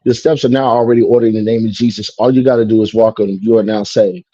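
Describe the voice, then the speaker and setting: Telling a personal story in an easygoing way, this Chicago man acts out dialogue and leans on "you know" a lot. His voice is warm and mellow yet slightly rough, on the low side, fast, and fairly even in intonation, recorded dry and slightly muffled with no echo.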